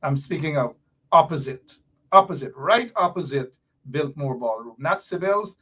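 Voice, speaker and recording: A man hosting a live-stream political commentary show, animated and repetitive, teasing his viewers. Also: fairly high pitch, normal speed, husky. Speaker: show host.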